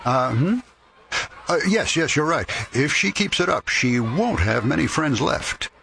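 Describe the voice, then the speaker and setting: An actor playing a gentle, kind middle-aged widower who speaks warmly to a child, in a radio drama with music behind. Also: male voice, a little high, very animated, a little slow, gravelly, heavily acted. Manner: gentle, warm-hearted, reads stories in varied voices.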